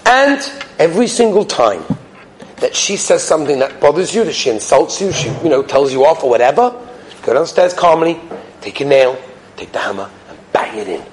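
A man giving a conversational storytelling talk, telling anecdotes in an animated way. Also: fairly high pitch, normal speed, slight background noise, poor audio.

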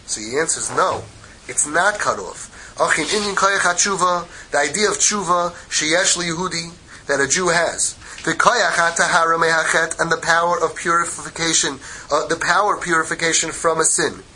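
Bright, animated man teaching Torah. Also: fairly high pitch, moderate pace, slight background noise, low-quality recording. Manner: animated, joking, mixes Hebrew quotes with English. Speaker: rabbi teaching a class. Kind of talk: Torah lesson.

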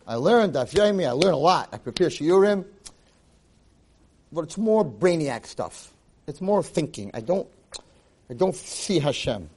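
A man, a rabbi, giving a lively Torah class, acting out quotes and dropping Hebrew phrases into his English. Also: on the high side, unhurried, pauses often, slightly rough. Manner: animated, acts out quotes and shouts for emphasis. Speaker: rabbi and teacher.

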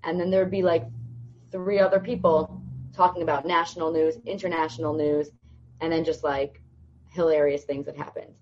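This young woman's voice is low-pitched and moderately paced, with the highs cut off in the recording. As a podcast guest, she tells stories in conversation, animatedly acting out the voices of those involved.

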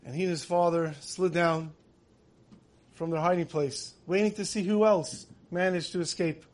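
A man's voice: sits high, steady tone, normal speed. A man giving a sermon, telling stories in an earnest way that builds emotion. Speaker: religious teacher.

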